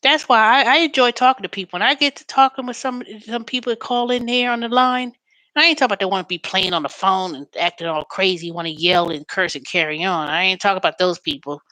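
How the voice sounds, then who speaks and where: A woman hosting a show in a chatty, storytelling way, turning animated when she quotes callers. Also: medium pitch, quick pace, no room sound. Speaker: host. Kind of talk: casual chat.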